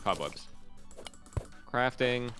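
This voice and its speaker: A man co-streaming a video game in casual chat, relaxed and hesitant, full of fillers. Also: mid-range voice, very slow, music in the background.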